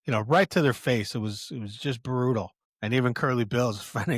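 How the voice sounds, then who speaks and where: A man's voice: medium pitch, a little fast, slightly rough, no room sound, studio quality. A man hosting a podcast in a casual film commentary, rambling with many restarts and chuckles. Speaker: podcast host.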